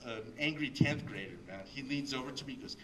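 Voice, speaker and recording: Speaking fast in a mid-range voice, a middle-aged Mexican guest speaker rambles through a story at a library event, laughing and using many fillers. The mic catches him from a distance.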